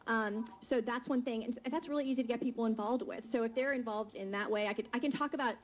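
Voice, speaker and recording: A woman's voice: on the high side, steady tone, quick pace, low-quality recording. A woman from Maryland, a real estate agent, talking in a chatty, free-flowing way with many fillers. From Maryland, USA. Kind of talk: casual panel talk.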